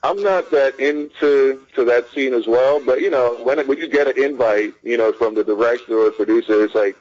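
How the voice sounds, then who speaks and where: Relaxed man talking as an interview guest. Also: mid-range voice, muffled recording. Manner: relaxed, measured, many fillers. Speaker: guest, entertainment manager. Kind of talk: casual interview chat.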